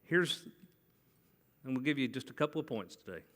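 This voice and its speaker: The long reverb of a church hall hangs over a man's sermon in a church sanctuary, delivered conversationally with frequent questions to the congregation. His medium-pitched voice is animated and a bit bright, moving at normal speed.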